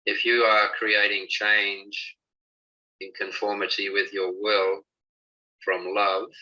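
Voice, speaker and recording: Man, very low and very bright-edged husky voice, calm healing guide, dull lo-fi call audio. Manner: slow, instructive, reassuring guidance. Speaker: spiritual healing teacher. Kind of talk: guided healing session and talk.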